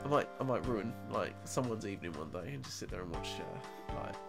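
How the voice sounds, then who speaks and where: A man's voice: on the low side, expressive, fairly quick, vocal fry, loud music behind the voice. A man chatting on a gaming livestream, rambling with fillers and hesitations and laughing now and then. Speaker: co-player guest. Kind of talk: casual gaming stream chat.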